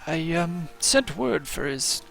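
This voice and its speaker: A man playing a halting guild mage. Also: very animated, creaky, fairly bright tone, faint music behind, heavily acted. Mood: plain. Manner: hesitant, many ums, low-key. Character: guild mage, calm and informative. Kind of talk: tabletop role-play.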